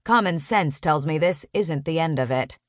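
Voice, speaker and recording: A woman narrating a first-person romance audiobook in an expressive, sharp-tongued storytelling manner. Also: low voice, moderate pace, no echo, studio quality.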